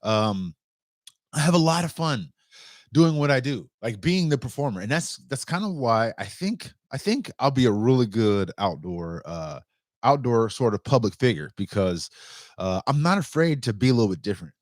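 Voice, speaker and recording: A young man talks loosely to his camera and curses without a second thought. His pitch swings up and down a lot as he rambles. The sound is dry and close, with no room echo. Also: moderate pace. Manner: loose, animated, swears freely. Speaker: outdoor vlogger. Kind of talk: casual chat to camera.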